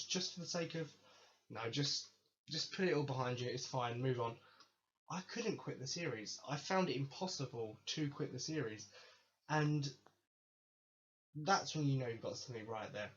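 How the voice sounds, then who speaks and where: A man's voice: medium pitch, animated, moderate pace. A man hosting his own podcast, talking casually in a rambling, enthusiastic way that keeps correcting itself. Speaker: podcast host. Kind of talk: casual solo podcast monologue. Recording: slightly dull lo-fi mic with faint hiss.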